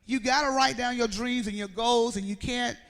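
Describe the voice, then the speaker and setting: A woman's voice: fairly high pitch, steady tone, normal speed. A woman, giving a motivational speech to students and acting out the dialogue in her story. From Mississippi, USA. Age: 40s. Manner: storytelling, acts out dialogue, quizzes the audience. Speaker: motivational speaker. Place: school assembly hall. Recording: echoey hall reverb.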